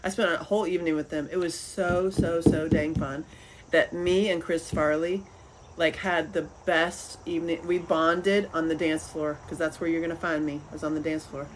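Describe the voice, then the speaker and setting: A woman's voice: low voice, normal speed, background noise. Chatty middle-aged woman telling stories. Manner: rambling, animated storytelling with laughs. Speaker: podcast host. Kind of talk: casual chat.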